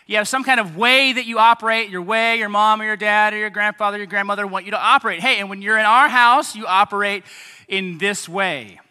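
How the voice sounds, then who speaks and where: A man in his thirties, a pastor giving a lively sermon to children and families, with chatty asides to kids and parents. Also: high-pitched, a little fast, clean tone. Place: church hall. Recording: echoey hall reverb.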